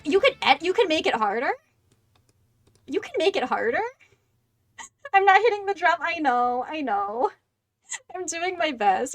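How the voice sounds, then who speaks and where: A young woman streams a game and chatters excitedly, often poking fun at herself. Her voice is high and lively, with big swings in pitch. She is close to the mic, and faint game music plays behind her. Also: no room sound. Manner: excitable, self-deprecating chatter. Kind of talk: casual gaming livestream chat. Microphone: close desk microphone.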